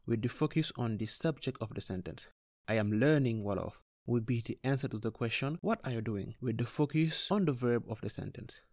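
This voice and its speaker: A man teaching a scripted beginner grammar lesson, explaining clearly and steadily with examples. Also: mid-range voice, darkish tone, no room sound, studio quality. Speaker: language teacher.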